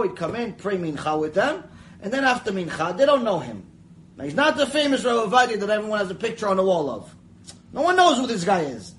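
A man gives a Mussar lecture in a high, lively voice that rises and falls widely. He tells stories chattily, acts out the people in them, and drifts into asides. Faint noise sits under the recording. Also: poor audio. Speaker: Torah teacher.

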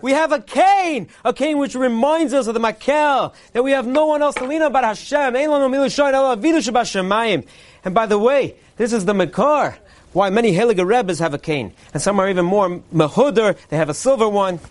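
A man delivering a parody Purim sermon, a mock-earnest preacher cadence and deadpan punchlines. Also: very high voice, a little fast. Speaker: comedian delivering a mock Purim Torah speech.

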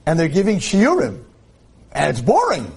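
Husky, animated man telling a story. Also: on the high side, moderate pace. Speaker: speaker at a religious event. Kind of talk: storytelling in a talk.

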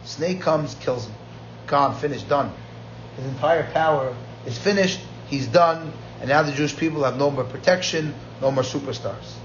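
Male Talmud lecturer, somewhat high-pitched, energetic storyteller; dull lo-fi recording with faint background noise. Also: normal speed. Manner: lively storyteller mixing Aramaic quotes with plain English.

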